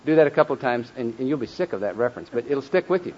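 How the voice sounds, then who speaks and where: A man of average pitch teaches a group to memorize scripture, drilling them in call-and-response and slowing to stress each word. He breaks in with folksy, self-deprecating asides. The recording is dull and lo-fi. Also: a little mellow, a little hiss or hum. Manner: leads call-and-response drills, slows and stresses words when reciting.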